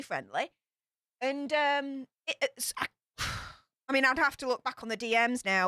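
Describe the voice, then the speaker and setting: A woman's voice: a little high, bright, forceful tone, dry recording, clean studio sound. A young woman, chatting bubbly and rambling as she reads out super chats on her livestream. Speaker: YouTube host.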